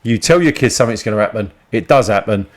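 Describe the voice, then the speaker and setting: An older man with a lowish voice, chatting casually with a friend. He tells family stories with plenty of swearing and laughs at his own tales. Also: expressive, quick pace. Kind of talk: casual chat.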